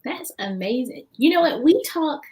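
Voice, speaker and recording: A woman's voice: high-pitched, lively intonation, moderate pace, mellow. A woman hosting a live interview, chatty and enthusiastic, who laughs easily. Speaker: host. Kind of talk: casual interview chat.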